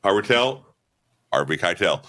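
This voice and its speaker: A man's voice: low-pitched, big pitch swings, normal speed, sharp tone. A man co-hosting a movie podcast, talking bluntly and swearing a lot, with plenty of "um" and "all right" as he reviews a film in casual chat. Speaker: podcast co-host.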